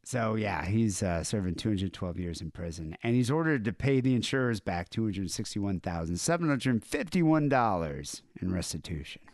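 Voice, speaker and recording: A man's voice: on the low side, lively intonation, moderate pace, hardly any pauses, a little mellow, no room sound, clean studio sound. A man co-hosting a podcast, retelling news stories in casual, irreverent chat and laughing often. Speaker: podcast co-host.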